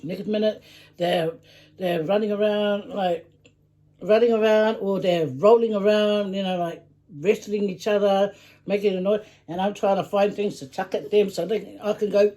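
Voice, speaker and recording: A middle-aged woman chatting casually on her vlog, telling an animated story about her kids. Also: medium pitch, normal speed. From Australia. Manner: animated storytelling, acting out phone calls. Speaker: vlogger, mother. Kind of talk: casual mukbang chat.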